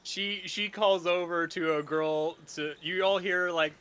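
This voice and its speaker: A man's voice: fairly high pitch, measured pace, few pauses, pushed and bright, a little hiss or hum. A man narrating as game master of a tabletop game, laughing often as he goes.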